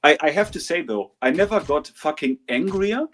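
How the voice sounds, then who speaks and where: A man's voice: fairly high pitch, lively intonation, normal speed, background noise. A man chatting casually as a guest, rambling with many fillers and swearing when he gets heated. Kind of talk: casual chat.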